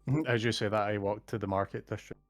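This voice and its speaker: A man's voice: on the low side, steady tone, quick pace, no echo, faint music behind. A man playing a tabletop game over voice chat, teasing his friends and laughing. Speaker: tabletop player. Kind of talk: casual play over voice chat.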